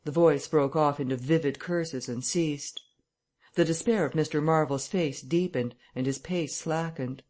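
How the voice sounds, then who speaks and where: An audiobook narrator reading a classic novel in a steady, measured way. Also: medium pitch. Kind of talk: scripted narration.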